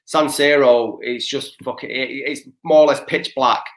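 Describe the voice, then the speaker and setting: A man's voice: mid-range voice, steady tone, measured pace, fairly bright tone. A young man, co-hosting a podcast and telling rambling, sweary stories full of restarts. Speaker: podcast co-host. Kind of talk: casual chat.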